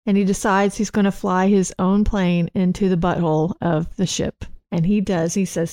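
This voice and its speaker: A woman co-hosting a casual chat show from home, retelling scenes with lively put-on lines and frequent laughs. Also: fairly low pitch, normal speed, few pauses. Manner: animated, acts out movie lines, laughs often. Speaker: podcast co-host.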